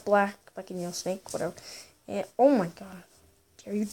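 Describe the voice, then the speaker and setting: Excitable woman with a lively voice. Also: medium pitch, moderate pace. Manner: exclamatory, gasping, playful sing-song. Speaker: gaming YouTuber. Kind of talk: excitable gameplay commentary.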